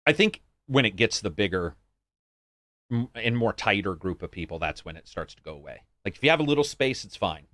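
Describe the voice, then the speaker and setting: Brief: low-pitched American man, podcast co-host, animated casual chat, dry close sound. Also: brisk, dry recording. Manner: animated, swears freely, acts out greetings in a higher voice.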